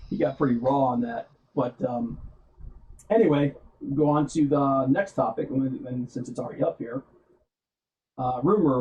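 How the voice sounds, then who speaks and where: A man's voice: mid-range voice, warm tone, dull audio. A man hosting a casual streamed chat show, rambling with lots of fillers and laughing often. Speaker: podcast host.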